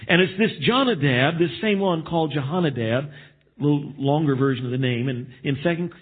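A man's voice: a little high, a little fast, breathy edge. A man preaching a sermon, reading scripture aloud and explaining it with emphasis. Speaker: pastor. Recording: tinny phone-like sermon recording.

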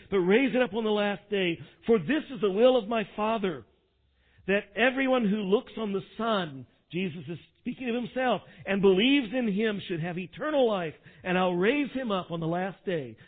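Husky high-voiced preacher, tinny sound. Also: male voice. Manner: dramatic swings from quiet to loud when quoting. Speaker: pastor. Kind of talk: sermon.

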